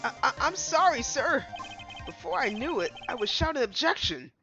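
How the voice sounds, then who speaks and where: A bumbling, eager detective apologizes in a loud, raised voice, as a streamer puts him on. His pitch leaps around, and the sound is dull and lo-fi with game music behind. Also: big pitch swings, fairly quick, close to an everyday voice. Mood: flustered. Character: bumbling big-hearted detective, man.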